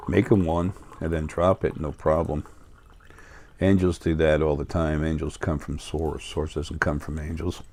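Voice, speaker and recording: A man's voice: extremely low pitch, little pitch movement, measured pace, a little mellow, slight background noise. A middle-aged man with a New York accent talking in a rambling, casual monologue full of fillers and restarts. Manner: meandering, many fillers and restarts. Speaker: spiritual video host.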